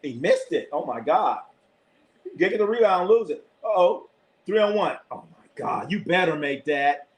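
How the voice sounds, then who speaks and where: Calling the action live, this sports streamer and commentator is worked up, barking at players and dropping casual swears amid sports chat. His pitch is fairly high, his pace moderate, and the recording rough.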